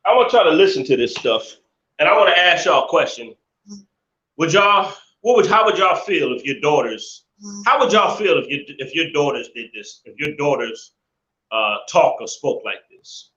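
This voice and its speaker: A man's voice: a little high, lively intonation, normal speed, pushed and bright. A man hosting a live stream, ranting indignantly and repeating himself in casual commentary. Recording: echoey room, dull lo-fi sound.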